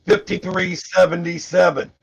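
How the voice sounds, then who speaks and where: A man's voice: sits high, level tone, moderate pace, creaky, slightly rough. A man in an online debate, blunt and accusing, spelling words out and swearing. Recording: dull lo-fi microphone.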